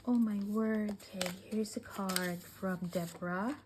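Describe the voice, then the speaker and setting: A woman vlogger talking slowly and warmly over her crafting gifts, tearfully welling up as she gushes. She often drops into soft whispers between fillers and sighs. Faint noise and paper crinkling sit behind her. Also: medium pitch, fairly even intonation. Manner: gushing, emotional, often breaking into soft whispers; slow, with many fillers and sighs. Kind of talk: casual unboxing chat.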